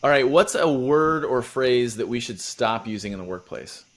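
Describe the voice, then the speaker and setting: A man's voice: mid-range voice, lively intonation, moderate pace, fairly bright tone. A man hosting a podcast, asking questions in a playful, upbeat, casual way. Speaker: podcast host. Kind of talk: casual interview chat.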